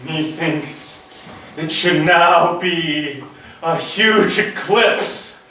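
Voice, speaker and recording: A tormented, jealous general, voiced by a man in stage Shakespeare, pitched high and speaking slowly with drawn-out stresses. It is caught from a distance in a very reverberant theatre, with faint ambient noise underneath. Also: pushed and bright, exaggerated voice. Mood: anguished. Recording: roomy hall, distant mic, faint noise.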